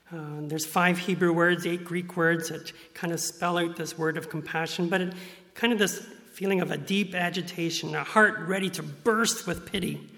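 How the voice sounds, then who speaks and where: Earnest male preacher, slightly high-pitched, reverberant hall. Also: gravelly, pushed and bright. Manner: earnest, acts out quoted voices in bursts. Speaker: pastor. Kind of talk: sermon.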